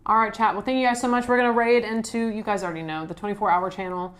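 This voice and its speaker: A woman's voice: mid-range voice, steady tone, fast. A woman hosting a live stream, signing off to her chat in a loose, upbeat way with many fillers. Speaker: streamer host. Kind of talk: casual stream sign-off chat.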